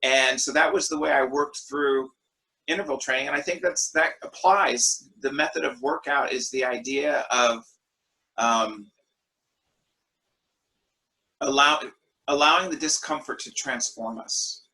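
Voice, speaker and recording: A man leading an online worship discussion over a video call, telling stories in a relaxed way with fillers. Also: medium pitch, normal speed, low-quality recording. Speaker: group discussion leader.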